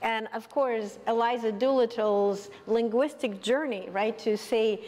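A woman, a professor, telling anecdotes in a lively way during a lecture. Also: a little high, measured pace, few pauses. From Russia. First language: Russian. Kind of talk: lecture discussion. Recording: reverberant hall, faint noise.

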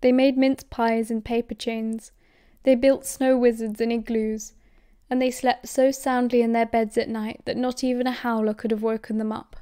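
A woman with a British accent reading audiobook narration at a steady, measured pace. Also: a little high, clear, resonant tone, no room sound, studio quality. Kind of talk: scripted narration.

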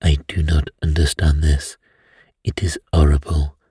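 A man reading a bedtime story voices a fussy middle-aged Belgian detective who speaks in a hushed, troubled way. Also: a bass voice, level tone, a little slow, slightly rough, no echo, studio quality, exaggerated voice. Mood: hushed dismay.

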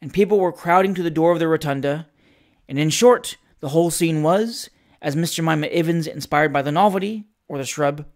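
A man reading a classic novel aloud as narrator, with expressive storytelling and lively shifts in pitch. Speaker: audiobook narrator.

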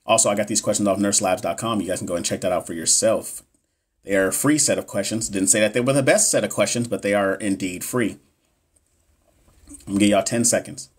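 A man with a fairly low, brisk voice and a breathy edge tutors nurses on a live stream. He works through exam questions with viewers in a casual, hyped-up style, swearing freely.

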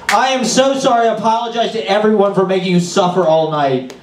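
A man's voice: high voice, normal speed. A man hosting a live open mic, exuberant and jokey, whooping between acts. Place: small bar back room with audience. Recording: roomy live room, distant mic, faint noise.

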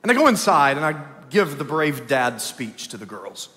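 A man preaching a lively Easter sermon in a church, swinging between loud calls and hushed storytelling. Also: medium pitch, normal speed. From Texas. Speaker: pastor. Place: church sanctuary, live service. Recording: long church hall reverb.

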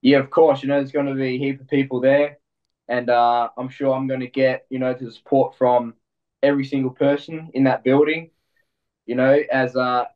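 Laid-back Australian fighter on a dull line. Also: male voice, medium pitch, level tone, distant mic. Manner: laid-back, halting, repeats words. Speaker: fighter, guest. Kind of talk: casual interview.

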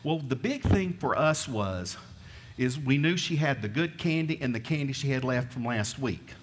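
Asking his flock questions as he tells folksy stories, a middle-aged Southern preacher speaks in a mid-range voice with a breathy edge and lively intonation. The pace is moderate, and the sanctuary's hall reverberates around him.

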